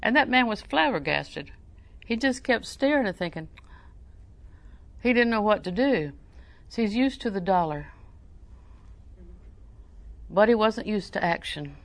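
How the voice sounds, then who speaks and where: A woman's voice: mid-range voice, animated, a little slow, pauses often, no room sound. An older woman preaching a sermon in a folksy, storytelling way, with emphatic repetition.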